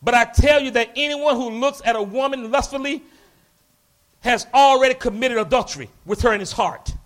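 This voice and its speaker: A man preaching a sermon, animated, acting out quoted voices and breaking into shouts. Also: very high-pitched, normal speed.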